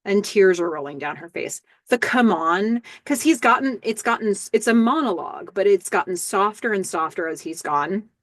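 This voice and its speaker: A woman's voice: medium pitch, expressive, moderate pace, few pauses, no echo, studio quality. A woman hosting a casual recap podcast, chattily walking through scenes step by step with the odd filler. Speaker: podcast host.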